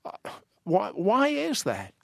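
A man hosting a Christian television interview, asking slow, earnest questions. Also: high-pitched, wildly swooping pitch, gravelly, no room sound, clean studio sound. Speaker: host.

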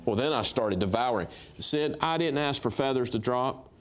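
Man, middle-aged, guest storyteller, animated, acts out dialogue. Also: mid-range voice, moderate pace. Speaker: guest minister. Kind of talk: storytelling testimony on a talk show.

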